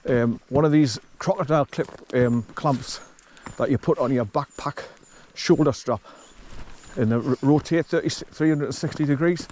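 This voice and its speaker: A man vlogging outdoors in a forest, with the camera on his chest harness, explaining things in a halting, rambling way and coaxing his dog along. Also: mid-range voice, darkish tone, a little hiss or hum. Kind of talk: casual walking vlog.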